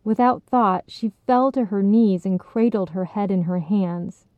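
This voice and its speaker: Soft-spoken female story narrator, mid pitch, dry tinny recording. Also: a little slow, dry recording. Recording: dry, tinny phone-like sound.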